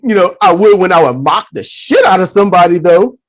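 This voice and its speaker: A man hosting a casual podcast chat, an animated storyteller with blunt, profane talk. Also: high-pitched, fairly quick.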